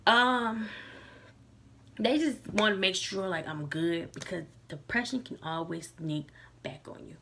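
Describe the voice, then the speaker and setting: A woman's voice: medium pitch, measured pace, pushed and bright, slight background noise. A young woman talking casually to her camera, loose and candid, with many likes and restarts. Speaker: vlogger.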